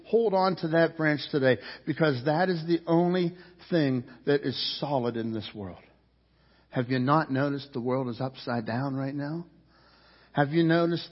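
Husky-voiced male pastor preaching in a reverberant hall. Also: mid-range voice. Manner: emphatic preaching, swelling louder on key points and repeating phrases. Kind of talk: sermon. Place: church sanctuary. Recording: dull audio with long reverb.

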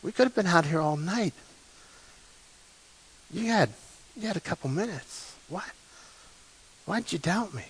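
A preacher softly voicing a tender, gentle Jesus. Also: male voice, sits high, expressive, measured pace, long pauses, slight background noise, low-quality recording. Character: gentle, loving Jesus gently scolding Peter.

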